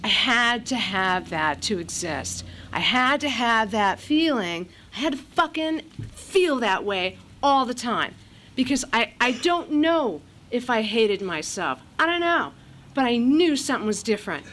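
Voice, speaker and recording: A woman's voice: on the high side, very animated, measured pace, a bit bright. A middle-aged woman from California giving a candid recovery share at a meeting, blunt, profane and self-mocking, with a lot of fillers.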